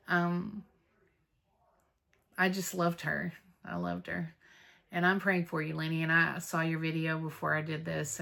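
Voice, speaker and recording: Speaking in a lowish, creaky voice, a Flosstube vlogger from North Texas casually catches up on her news in a stitching vlog. Her delivery is chatty and meandering, with fillers and warmth toward her friends.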